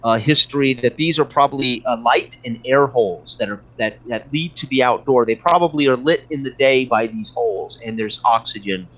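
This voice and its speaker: A man narrating as game master in a tabletop game, describing scenes with frequent pauses and fillers. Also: mid-range voice, a bit bright, slight background noise. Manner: hesitant, many fillers and restarts. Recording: dull lo-fi recording.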